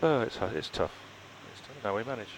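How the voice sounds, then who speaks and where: A man's voice: fairly low pitch, lively intonation, a little fast, noisy background. A man flying a home flight simulator who chats casually and explains things with dry jokes. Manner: joking, explains things wryly. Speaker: simulator pilot.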